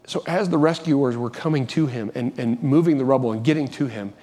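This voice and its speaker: A man's voice: medium pitch, a little fast, warm tone. A man preaching a sermon as pastor, earnest, often restarting and repeating phrases, rising when he urges.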